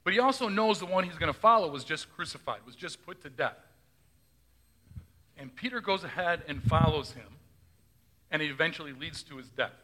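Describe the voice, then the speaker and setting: Bright, high-voiced male pastor preaching. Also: animated, normal speed, pauses often. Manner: conversational, asks the congregation questions. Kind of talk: sermon.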